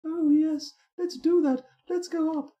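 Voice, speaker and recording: A man voicing a dainty fortress dwarf in a high falsetto, sing-song and gushing. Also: steady tone, measured pace, dark tone. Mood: dreamy. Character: dainty dwarf cooing over fresh air.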